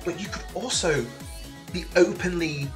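A man from near Liverpool in England, a guest telling his story in a relaxed interview, lively and full of restarts. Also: high voice, unhurried, over music. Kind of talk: casual interview chat. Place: remote call from another country than the host.

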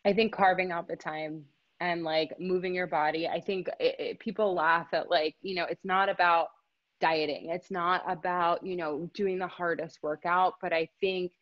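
A heartfelt woman chatting as a podcast guest, her voice sitting fairly low. The sound is dull and lo-fi, dry with no room around it. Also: fairly even intonation, moderate pace, no room sound. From United States. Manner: earnest, heartfelt, many fillers. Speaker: podcast guest, fitness trainer. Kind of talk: casual interview chat.

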